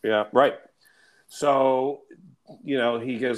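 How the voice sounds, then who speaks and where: Animated storytelling male coach. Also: mid-range voice, moderate pace. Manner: animated storyteller, swears, acts out quotes. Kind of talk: casual storytelling chat.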